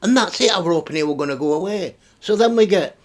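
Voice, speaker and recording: A man's voice: high voice, lively intonation, fast. A middle-aged man, ranting through a commentary vlog, swearing freely and exasperated. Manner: sweary, exasperated, laughs between remarks. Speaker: YouTube commentary host.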